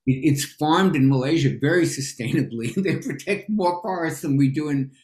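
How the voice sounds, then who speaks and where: An opinionated man with a New York accent, speaking a little high for a man. He presses his points with emphasis, and the roomy recording echoes around him. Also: moderate pace, a little mellow. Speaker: podcast guest, nutrition expert. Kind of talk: casual podcast chat.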